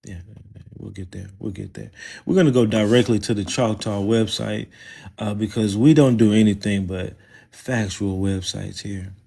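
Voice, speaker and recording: A man's voice: lowish voice, steady tone, normal speed, vocal fry, warm tone. A man with a Southern US accent, hosting a loose, mocking, profane livestream and talking casually. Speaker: livestream host.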